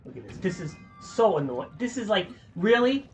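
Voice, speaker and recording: A man's voice: high voice, lively intonation, fairly quick, faint music behind. A young man streaming a game, ranting with lots of swearing in frustration. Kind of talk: casual gameplay commentary.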